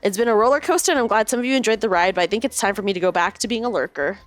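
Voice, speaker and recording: A woman's voice: medium pitch, rapid-fire, no echo. A woman from the United States hosting a stream, reading stories aloud and chatting with a lot of laughter. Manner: laughs often, animated storytelling. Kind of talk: casual chat and reading aloud.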